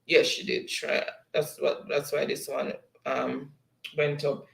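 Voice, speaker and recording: A man hosts a livestream and reads the chat aloud at a slow, unhurried pace, breaking into laughter again and again. His voice sits a bit high and has a gravelly edge. The sound bounces around an echoey room. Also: monotone. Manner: laughs often, slow and easygoing. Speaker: livestream host. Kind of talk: reading live chat aloud.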